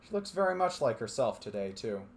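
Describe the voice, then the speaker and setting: Very animated and a little fast, this mid-range male voice is gravelly, with a slight hiss or hum. He streams with friends, steadily reading visual novel narration aloud and laughing and bantering in the breaks.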